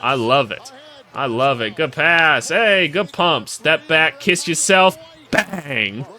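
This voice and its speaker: A man calling out basketball clips in a casual, excitable way, joking and cheering plays as he watches. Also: on the high side, slow. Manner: excitable, jokey, voices players in asides. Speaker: basketball analyst. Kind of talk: casual video commentary over game clips.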